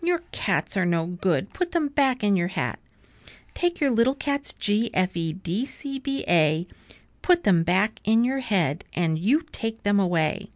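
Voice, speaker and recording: A woman's voice: medium pitch, sing-song, measured pace, no echo. A woman voicing children in a storybook who scold a pushy cat indignantly. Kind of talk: storybook read-aloud.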